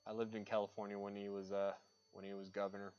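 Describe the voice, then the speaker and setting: A man's voice: on the low side, monotone, fast talker, a little mellow, dull audio. A man chatting casually while he paints on a livestream, ranting and swearing freely as he rambles from one opinion to the next.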